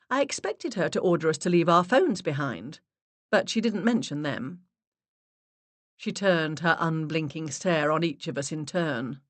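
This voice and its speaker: A woman narrating a mystery audiobook in the first person, expressive storytelling. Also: low voice, no echo. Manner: expressive storytelling with varied character voices.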